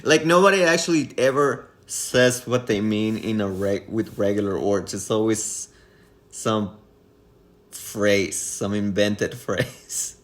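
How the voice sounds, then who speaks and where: A man's voice: lowish voice, slow pace. A man co-hosting a casual film-review podcast, amused, laughing mid-sentence and restarting his thoughts. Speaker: podcast co-host.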